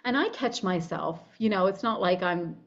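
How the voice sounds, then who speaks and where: A woman with a lowish voice talks at a normal speed over lo-fi audio. As a guest body-image coach in a conversational interview, she speaks animatedly, acts out her own inner voice, and often restarts her sentences.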